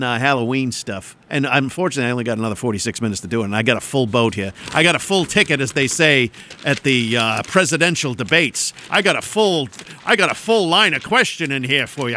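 A man's voice: medium pitch, pushed and bright, slight background noise. A man DJing on radio, rambling and joking between songs from a studio mic. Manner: joking, rambling, self-mocking.

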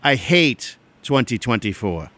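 A man's voice: medium pitch, big pitch swings, measured pace. A man hosting a casual radio show, rambling and self-deprecating in an offhand way. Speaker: radio DJ host.

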